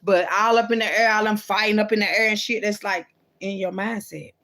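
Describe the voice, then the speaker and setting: A woman's voice: medium pitch, fairly even intonation, brisk, a bit bright. A woman vlogger in a loose, profane, rambling monologue about faith, talking straight to her viewers. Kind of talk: casual rambling spiritual monologue.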